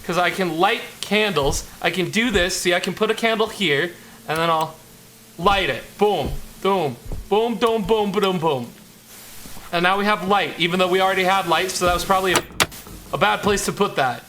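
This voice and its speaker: A man's voice: high voice, a little fast, sharp tone, slight background noise. A man streaming a horror game, talking to himself and to the game in a jittery way, repeating lines when scared. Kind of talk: live horror game commentary.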